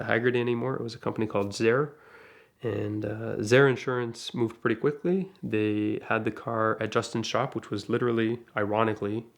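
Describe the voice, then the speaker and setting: A man from Canada casually telling a story, animated and acting out the voices of the people in it. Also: on the low side, gravelly. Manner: animated, acts out quoted voices. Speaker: guest storyteller.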